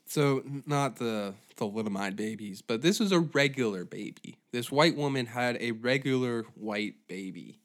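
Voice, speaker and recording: A man hosting a comedy podcast who rants profanely and rambles. His voice swings widely from high to low as he gets worked up. He sits at a mid pitch for a man. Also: expressive, normal speed, hardly any pauses. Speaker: podcast host. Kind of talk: comedic rant.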